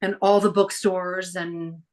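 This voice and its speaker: A middle-aged woman telling stories as a podcast guest, chatty and lively as she acts out the people she quotes. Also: fairly low pitch, slow. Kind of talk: casual storytelling interview.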